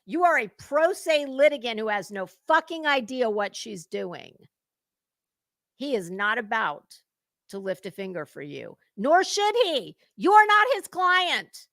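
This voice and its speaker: A woman's voice: fairly high pitch, sing-song, measured pace, creaky, fairly bright tone, dry recording. A middle-aged woman hosting drama commentary, scathing and mocking, lecturing and swearing freely. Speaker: commentary channel host.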